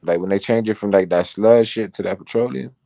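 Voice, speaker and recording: A man's voice: fairly low pitch, brisk, vocal fry, mellow, dry recording. A man in casual chat, talking loosely with lots of "like" and swearing. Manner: loose, profane, says "like" a lot.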